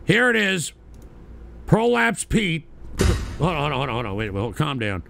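An older man hosting a crude radio talk show, boasting and swearing, often breaking into loud shouting. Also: fairly high pitch, big pitch swings, moderate pace, creaky, background noise.

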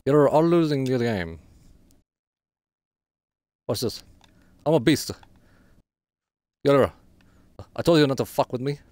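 A man's voice: medium pitch, animated, slow, pauses often, a little mellow, no room sound. A man streaming a shooter game, giving frustrated live commentary with trash talk and swearing. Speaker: gaming streamer.

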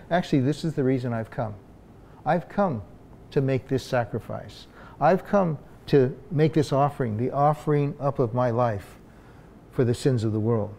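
Male pastor, warm low-toned voice, unscripted sermon delivery, restarts and "uh"s throughout. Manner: conversational preaching with frequent fillers and restarts.

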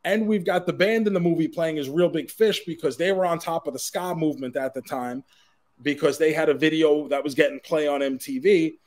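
A man co-hosts a pop culture podcast, his voice sitting a little high for a man. He tells stories in an animated way, laughs at his own jokes and swears casually. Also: brisk. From Queens, New York. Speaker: podcast co-host.

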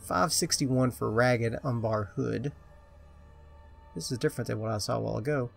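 A man's voice: mid-range voice, moderate pace, creaky, faint music behind. A man casually commenting on his own video game play, muttering to himself and joking at his own expense. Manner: chatty, muttering to himself, self-mocking. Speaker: gameplay commentator.

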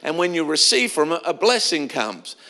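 Preaching in a church, a middle-aged pastor from Australia tells stories in a chatty way, frequently starting over. He speaks at a moderate pace in a sing-song manner, with a sharp tone and a voice on the high side.

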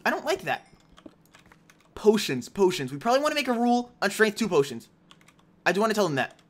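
A man's voice: sits high, a bit bright. A young man commentating his own game as he plays, chatting to himself and to viewers and teasing the other players. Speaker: gaming YouTuber. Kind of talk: live gameplay commentary.

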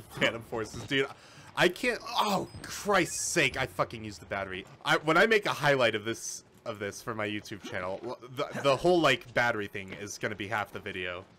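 Guy streaming a scary game, swears a lot, voice jumps all over, bright and sharp. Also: medium pitch, big pitch swings, normal speed, slight background noise. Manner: swears often, bursts into panicked yelps and laughter. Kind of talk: live gameplay commentary. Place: at a computer, keyboard and mouse.

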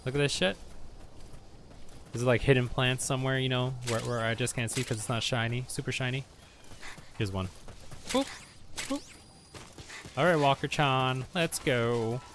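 Profane excitable man gaming. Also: medium pitch, normal speed, pauses often, a little hiss or hum. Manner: profane, excitable, yelps at enemies. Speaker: gamer. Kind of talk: let's play commentary.

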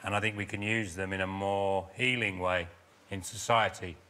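A man doing deadpan comic bits as a panel show guest. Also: sits low, normal speed. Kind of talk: comedy panel show banter. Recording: noisy studio with laughter.

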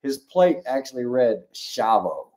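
Man telling a story, lively and mellow. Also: mid-range voice, measured pace. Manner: animated storyteller, acts out dialogue. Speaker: show co-host. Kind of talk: casual chat, storytelling.

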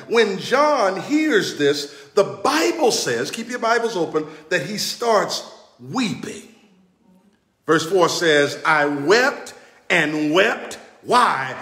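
Male pastor, slow and deliberate sermon delivery, high and animated, recorded in a roomy church. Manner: preaching cadence, rising and falling, calls to the congregation. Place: church sanctuary. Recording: echoey church sanctuary.

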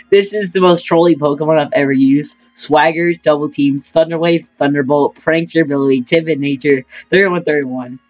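A man's voice: a little high, moderate pace, muffled recording. A teenage boy chatting casually with a friend while playing a game, joking and trash-talking, his voice cracking often. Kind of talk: casual gaming chat.

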